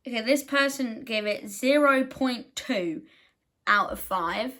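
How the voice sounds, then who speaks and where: A young woman talks casually to her camera. Her voice sits a little high. She is chatty and self-deprecating and keeps slipping in quick, defensive asides. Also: fairly bright tone. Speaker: book vlogger.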